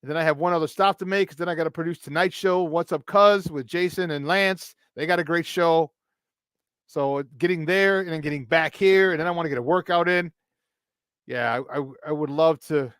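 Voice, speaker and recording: A man's voice: a little high, brisk, clean tone, no room sound, studio quality. A man hosting a morning sports talk show, chatting casually and laughing often as he tells stories. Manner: animated storytelling, frequent laughter. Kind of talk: casual radio chat.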